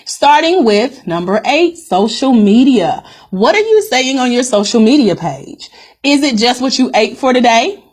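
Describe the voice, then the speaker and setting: A woman's voice: a little high, lively intonation, measured pace, husky. A woman business coach hosting a live-streamed coaching call, upbeat and direct, calling her viewers "guys" and repeating her key points.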